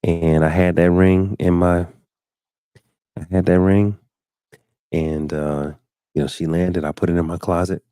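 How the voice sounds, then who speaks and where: A man with a very low, dark and mellow voice tells a long personal story on a live talk stream, the sound close and dry. He slips into other people's lines with sudden leaps up in pitch, then drops back into an easy, chatty tone. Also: no room sound. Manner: animated storyteller, acts out quotes with big pitch jumps. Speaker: show host. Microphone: studio mic, live stream.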